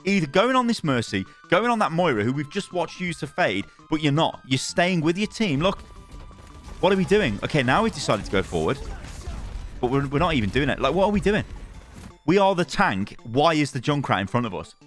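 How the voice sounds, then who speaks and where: A man's voice: on the high side, big pitch swings, fairly quick, a bit bright, faint music behind. A man reviewing gameplay replays as a coach, exasperated and firing off repeated rhetorical questions.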